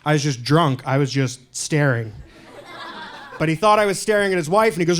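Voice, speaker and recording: A male stand-up comedian from Canada doing a set in a comedy club, deadpan and self-deprecating, with loud punchlines. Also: on the high side, a little fast, a little hiss or hum.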